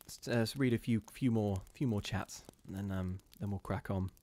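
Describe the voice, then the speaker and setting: A man's voice: lowish voice, normal speed, a little hiss or hum. Giggly man reading stories live. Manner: giggly, rambling, animated. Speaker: host reading ghost stories and chat. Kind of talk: casual live-stream chat and reading aloud.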